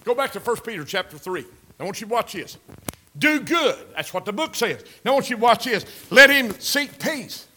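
An older man with a drawl preaches in a folksy way, leaning on repeated amens. His voice sits high, and he pushes his lines up to strong emphasis. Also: very animated, a little fast, fairly bright tone. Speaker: pastor. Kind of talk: sermon.

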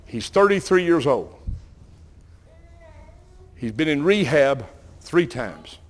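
An older man with a Southern US accent, preaching and telling folksy, animated stories while calling out to the congregation. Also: on the high side, takes it slowly. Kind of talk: sermon storytelling.

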